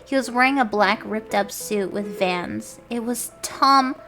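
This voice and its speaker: Woman streamer with a gravelly fry, reading fan fiction aloud on stream, tripping over words and cursing, faint music behind. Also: on the high side, a little slow, few pauses, fairly bright tone. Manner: stumbles over words, laughs and swears while reading.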